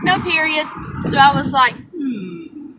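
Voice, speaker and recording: A young woman with a Southern US accent tells a personal story in a chatty, excitable way, her voice sitting high. She sits back from the microphone, and a steady background noise runs under her words. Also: normal speed. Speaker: vlogger. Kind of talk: casual chat to camera. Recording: distant mic with background noise.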